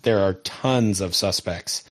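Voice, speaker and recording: A man casually recapping a TV episode as a podcast co-host, lively and often laughing as he tells it. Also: low-pitched, takes it slowly.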